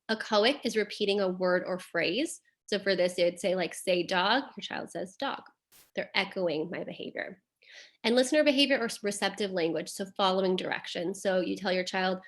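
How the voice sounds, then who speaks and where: A woman presenting a caregiver webinar as a behavior analyst, explaining terms plainly with frequent "um" and "like". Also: medium pitch. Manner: explanatory, uses fillers like "um" and "like".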